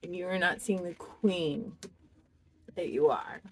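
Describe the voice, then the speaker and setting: A woman doing a pick-a-card tarot reading, speaking to the viewer in a slow, heartfelt and expressive way. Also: fairly low pitch, breathy edge. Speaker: tarot reader.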